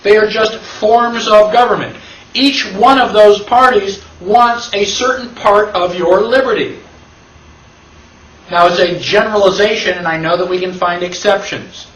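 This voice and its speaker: High-voiced man lecturing in an echoey room. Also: a little slow, a bit bright, slight background noise. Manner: emphatic, asks the class rhetorical questions. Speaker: constitution class instructor. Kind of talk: classroom lecture. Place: classroom with an audience. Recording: echoey room, mic at a distance.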